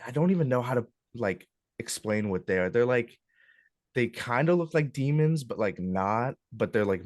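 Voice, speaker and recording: A young man leading a club workshop in a casual, relaxed way, hesitating often with ums and uhs as he walks a group through game character options. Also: on the low side, no room sound, clean studio sound. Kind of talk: casual classroom walkthrough. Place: classroom.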